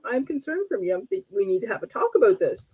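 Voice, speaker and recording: A woman's voice: high voice, big pitch swings, fast, lo-fi sound. A woman hosting a casual live-stream talk show, blunt and teasing with emphatic points.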